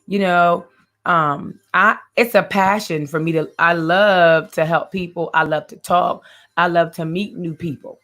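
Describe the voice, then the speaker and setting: A woman's voice: on the low side, a bit bright. A woman hosting a faith-based talk show, talking earnestly and directly to her viewers and often repeating her phrases.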